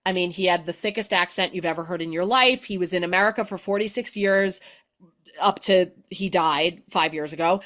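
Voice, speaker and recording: Animated woman telling stories. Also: on the low side, a little fast. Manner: animated, explanatory, filler-heavy with "like". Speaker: guest comedian. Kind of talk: conversational storytelling.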